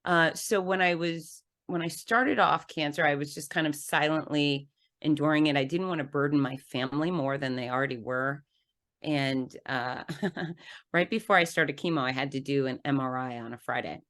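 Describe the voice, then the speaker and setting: A woman guest on a podcast telling a personal story with animated, laughing delivery that acts out the scenes. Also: deep voice, moderate pace. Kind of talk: conversational storytelling.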